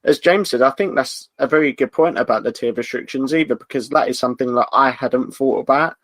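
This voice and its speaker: A man's voice: medium pitch, fairly quick, fairly bright tone, dry recording. A man, a podcast guest, agreeing with the others and thinking aloud with fillers. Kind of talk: casual podcast chat.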